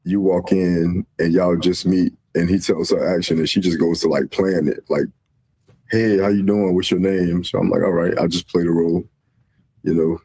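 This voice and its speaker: Man, interview guest, very low voice, husky, flat delivery, laid-back. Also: normal speed. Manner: laid-back, plain recounting. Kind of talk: casual storytelling interview.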